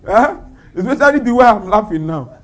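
A man's voice: sits high, lively intonation, fairly quick. A man preaching a sermon, firing off rhetorical questions and breaking into laughter.

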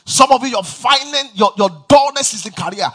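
A man's voice: very high voice, moderate pace, a bit bright. A man preaching a sermon to a large church congregation, emphatic and drawing responses from the crowd. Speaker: pastor.

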